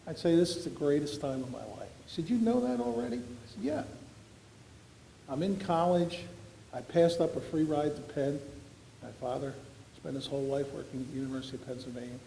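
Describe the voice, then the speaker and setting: A man's voice: medium pitch, steady tone, fairly quick, dark tone, a little hiss or hum. A man, giving an after-dinner award speech full of folksy, self-deprecating anecdotes. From Philadelphia. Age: 70s. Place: large banquet hall. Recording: echoey banquet hall recording.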